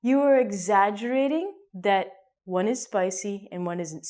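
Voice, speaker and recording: It's a casual online English class led by a woman from Canada, her accent Canadian and her voice medium-pitched at a normal speed. She's playful and full of jokes, acting out small scenes that jump between loud and hushed.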